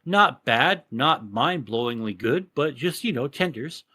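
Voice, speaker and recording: A man from Texas, telling a profane, animated rant on a casual podcast. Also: medium pitch, unhurried, husky, no echo. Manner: profane, animated ranting storyteller. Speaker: podcast co-host.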